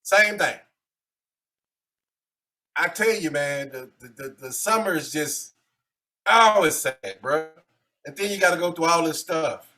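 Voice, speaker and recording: Animated high-pitched ranting man. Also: unhurried, pauses often. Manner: animated ranting, big swings in loudness. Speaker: podcast co-host. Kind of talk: casual sports chat.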